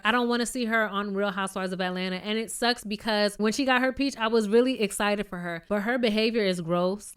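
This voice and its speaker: A woman's voice: medium pitch, fairly bright tone, clear, resonant tone. A young adult woman recapping a reality TV episode in a casual, opinionated rant full of rhetorical questions. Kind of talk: casual ranting show recap.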